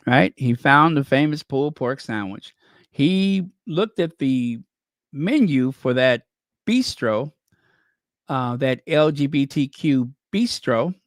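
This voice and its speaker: Male commentator, higher pitch, dry close sound, sarcastic rhetorical delivery. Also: no echo. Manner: sarcastic, rhetorical questions, wry asides. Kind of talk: casual chat.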